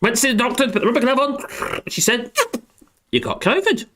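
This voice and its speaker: A man's voice: extremely high pitch, quick pace, pushed and bright, slight background noise. A middle-aged man hosting a live stream, chatting casually in a rambling, jokey, self-deprecating way and chuckling often. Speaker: live stream host reading chat.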